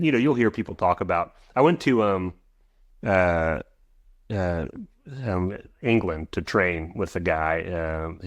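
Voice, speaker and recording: A man in his forties speaks in a very low, deep voice, recorded dry and close. He explains at length as a podcast guest, rambling with restarts and asides along the way. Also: dry recording. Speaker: guest, equine veterinarian. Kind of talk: podcast interview.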